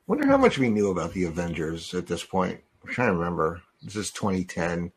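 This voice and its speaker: A man's voice: deep voice, sing-song, a little fast, slight background noise. A man co-hosting a podcast, chatting casually while watching a movie, rambling and laughing often. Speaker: podcast co-host. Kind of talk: casual chat during a movie watch-along.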